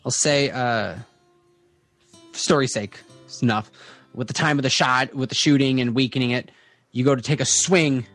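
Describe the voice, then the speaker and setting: A man's voice: mid-range voice, moderate pace, fairly bright tone, faint music behind. Hesitant male game master narrating. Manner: descriptive, hesitant, with many fillers.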